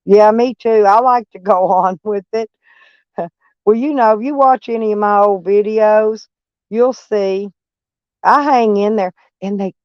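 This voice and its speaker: This van life vlogger chats casually on a live stream in a blunt, drawling way, often repeating herself. Her mid-range voice is smooth, with no room sound, though the recording is dull and lo-fi.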